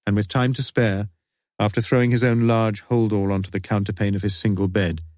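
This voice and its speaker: A man reading an audiobook detective novel in a measured, wry narration. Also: on the low side, a little mellow, dry recording, studio quality. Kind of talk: scripted narration.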